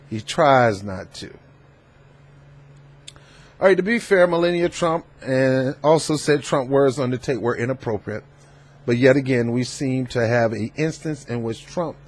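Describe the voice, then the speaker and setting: A man hosting a political commentary vlog, talking in an emphatic, animated and preachy way. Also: medium pitch. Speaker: host.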